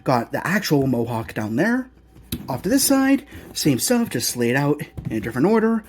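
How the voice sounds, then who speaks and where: A collectibles reviewer unboxing at home in a casual, excitable, gushing way, full of rambling asides. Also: medium pitch, moderate pace, slight background noise. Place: home apartment.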